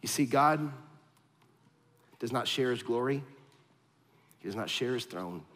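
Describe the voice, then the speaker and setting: A man's voice: mid-range voice, animated, unhurried, a bit bright. Man preaching in a reverberant hall. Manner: storytelling, self-deprecating, direct address to the congregation. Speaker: pastor. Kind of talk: conversational sermon. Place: church auditorium. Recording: long reverb of a large hall.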